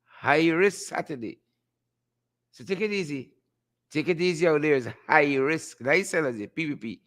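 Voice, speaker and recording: Male host, slightly high voice, playful, chuckling, repeats catchphrases, live-stream call-in. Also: lively intonation, moderate pace, a bit bright.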